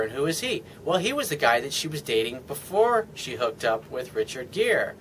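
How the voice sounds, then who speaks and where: A man's voice: a little high, a bit bright, a little hiss or hum. A man talking as a dating coach in a casual video monologue, rambling and frank, full of "I mean" and "you know.".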